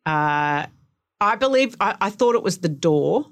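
Woman podcast co-host, effusive chat, low voice that swoops a lot. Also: unhurried. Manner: effusive, animated, enthusiastic.

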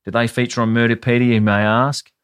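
A man's voice: medium pitch, little pitch movement, a little fast, a bit bright, smooth. A man with an Australian accent, telling a grim story with sweary, wry asides in a casual podcast chat. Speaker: podcast co-host.

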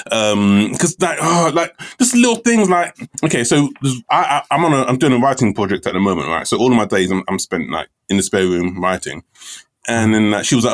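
A man's voice: on the low side, very animated, moderate pace. A man co-hosting a podcast, telling stories in casual chat, joking and swearing often. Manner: swearing, joking, laughing storyteller. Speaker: podcast co-host.

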